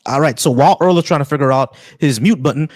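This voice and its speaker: A man hosting a live call-in debate stream, blunt and halting, often repeating words as he restarts. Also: fairly high pitch, darkish tone, dry recording, studio quality.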